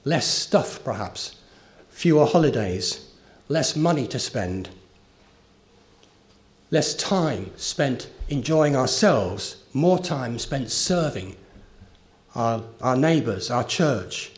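A man's voice: medium pitch, lively intonation, slow, long pauses. A man preaching a sermon, earnest and emphatic, with a story told along the way. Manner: earnest, rising emphasis on key phrases.

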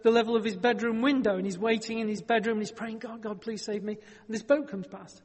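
A man's voice: high-pitched, steady tone, quick pace, long reverb tail. A man preaching a sermon, telling a Bible story in a conversational way with wry joking asides.

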